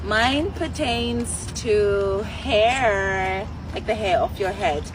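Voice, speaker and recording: A woman, co-hosting a casual video in a friendly, unhurried way. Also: mid-range voice, noisy background. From South Africa. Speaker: co-host of a video.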